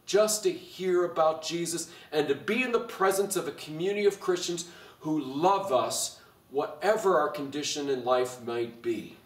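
A male pastor preaching a blunt, impassioned sermon full of rhetorical questions. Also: on the high side. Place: church hall. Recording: echoey room, voice from far off the mic.

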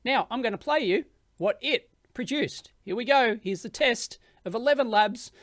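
A man's voice: very high voice, expressive, normal speed, a bit bright, no echo, studio quality. A man with an Australian accent hosting an electronics video, talking casually and bluntly and laughing often. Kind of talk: casual commentary.

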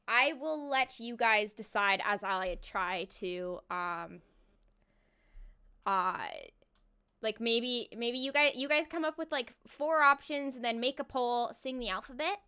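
A woman's voice: fairly high pitch, slow pace, sharp tone, smooth. A woman streamer chatting casually with her live chat while playing a horror game. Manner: chatty, bubbly, talks to chat.

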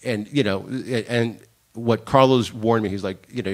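A man's voice: fairly low pitch, normal speed. A man from Miami, a director, telling stories from his career on a conference panel and acting out the lines of people he quotes. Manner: animated storyteller, acts out quoted lines. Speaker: guest director. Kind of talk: panel conversation, storytelling. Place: conference room.

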